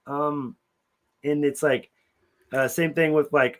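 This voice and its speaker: A man's voice: a little high, normal speed, a bit bright. A man co-hosting a podcast in casual chat, talking bluntly and cursing freely as he criticizes a TV episode. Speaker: podcast co-host.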